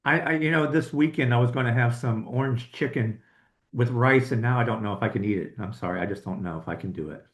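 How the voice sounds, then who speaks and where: A man with a mid-range voice leads a relaxed conversation and asks his guest questions. He often stumbles and repeats words, and his voice carries the echo of a roomy space. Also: medium pitch, fast talker. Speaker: podcast host. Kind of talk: casual chat.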